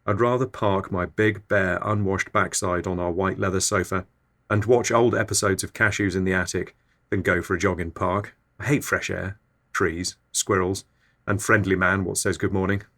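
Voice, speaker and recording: A man delivering an absurdist comic monologue as a podcast host in a deadpan, low-key way. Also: moderate pace.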